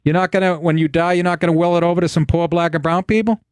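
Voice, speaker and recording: A man's voice: fairly high pitch, little pitch movement, fast, a little mellow, smooth, no echo. A man hosting a talk radio show, blunt, profane and argumentative as he needles his guest. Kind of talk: combative talk radio banter.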